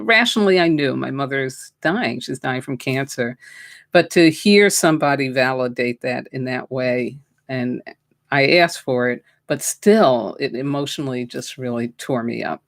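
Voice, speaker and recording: A woman host and spiritual teacher telling a personal story in a slow, reflective, heartfelt way and offering a prayer. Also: very deep voice, no echo, studio quality.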